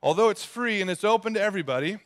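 A man preaching a sermon as a pastor, retelling a story in an animated way. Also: high voice, very fast.

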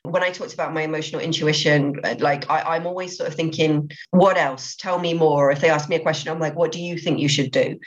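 Low-voiced enthusiastic woman. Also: steady tone, quick pace, hardly any pauses. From England. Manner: enthusiastic, many restarts and repeated words. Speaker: podcast guest, business owner. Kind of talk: podcast interview. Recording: slightly dull lo-fi audio.

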